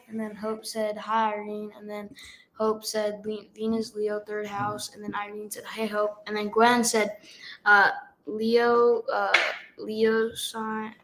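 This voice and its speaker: A young woman reading chat messages aloud on a live stream, in a hesitant, halting way. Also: medium pitch, a bit bright, slight background noise, rough recording.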